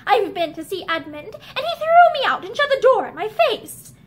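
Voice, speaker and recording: A woman's voice: extremely high pitch, very animated, normal speed, slight background noise, pitched above the performer's own voice. A woman reading aloud voices a distraught young woman full of remorse, pleading and close to sobbing. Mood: remorseful. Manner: emotional, pleading, breaking into sobs.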